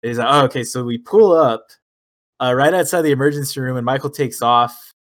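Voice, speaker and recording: A man at a middle pitch recounts a late-night story to friends on a podcast. He swears freely and acts out each quoted exchange as he goes. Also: fairly quick. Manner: swearing, animated retelling with quoted dialogue. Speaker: podcast co-host. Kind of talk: casual storytelling chat.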